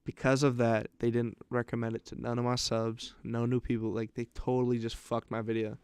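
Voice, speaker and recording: A man's voice: medium pitch, level tone, a little fast, darkish tone, clean tone, no room sound. A young man co-hosting a podcast, telling stories in casual chat, swearing often and acting out what other people said. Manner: swearing storyteller, acts out other people's lines. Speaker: podcast host.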